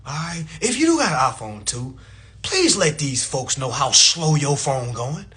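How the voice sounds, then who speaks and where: A man's voice: fairly high pitch, very animated, unhurried, pushed and bright. A man hosting a livestream, talking bluntly and profanely in a casual, mocking rant. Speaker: livestream host.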